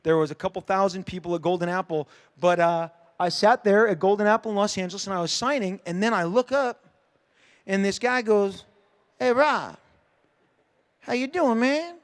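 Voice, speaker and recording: A middle-aged comic creator addresses a convention crowd, his voice high for a man but clear and resonant as he talks briskly. He rambles animatedly, stumbling over fillers and restarts, and puts on voices for the people in his story.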